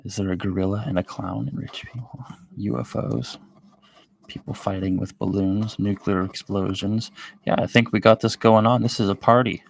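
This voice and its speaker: A man's voice: on the low side, fairly even intonation, moderate pace, vocal fry, no echo. A man hosting a live show, rambling with sardonic asides while he draws. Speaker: show host. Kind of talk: rambling live-stream commentary while drawing.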